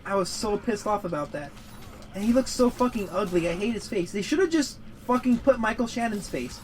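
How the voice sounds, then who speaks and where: A man's voice: high voice, animated, a little fast, a little hiss or hum, poor audio. A man giving casual gaming commentary, rambling and swearing as he rants about a movie. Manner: rambling, profane, prone to heated rants. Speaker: gaming show co-host.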